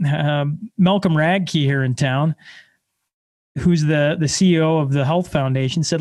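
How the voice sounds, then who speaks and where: A man in his thirties from Canada, a podcast guest telling stories in a blunt, energetic, self-deprecating way. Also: fairly high pitch, measured pace. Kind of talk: casual conversation.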